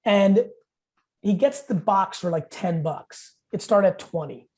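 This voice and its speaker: A man in his forties talks as a podcast guest, blunt and full of swearing. He tells stories rapid-fire, punching his points home. His voice has a dark, mellow tone. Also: high-pitched, animated. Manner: blunt, profane, rapid storytelling. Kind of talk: casual podcast interview.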